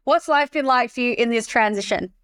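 A woman hosting a podcast interview in casual, expressive chat, swearing freely and acting out the voices she quotes. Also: on the high side, fairly quick, smooth. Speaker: podcast host.

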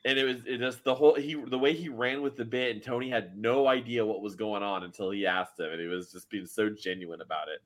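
A man, a guest band member, telling animated stories in a casual podcast chat, swearing and repeating himself. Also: on the low side, brisk, few pauses. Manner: animated storyteller, swears freely, repeats words.

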